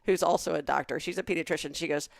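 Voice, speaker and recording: A middle-aged woman with a Southern American accent, co-hosting a comedy podcast and telling anecdotes with animated build-up. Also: low-pitched, fast talker, gravelly, no echo, clean studio sound. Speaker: podcast co-host. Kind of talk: casual comedic chat.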